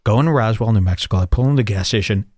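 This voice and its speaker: A man's voice: on the low side, quick pace, a little mellow, no room sound, studio quality. A man hosting a podcast, telling rambling, sarcastic stories in a casual comedic chat. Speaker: podcast host.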